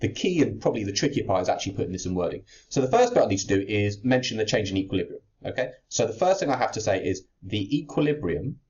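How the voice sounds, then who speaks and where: Low-voiced man teaching an exam lesson. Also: big pitch swings, fast talker, few pauses, darkish tone. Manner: explains step by step while writing, with fillers and restarts. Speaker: chemistry teacher. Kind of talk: exam-prep lesson walking through a worked answer. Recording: slightly dull lo-fi audio.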